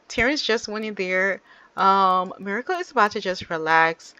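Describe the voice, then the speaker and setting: A woman's voice: medium pitch, lively intonation, unhurried, pushed and bright, smooth, dry recording. A woman giving casual, chatty gameplay commentary and talking straight to her viewers. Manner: chatty, addresses viewers directly. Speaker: gaming channel host.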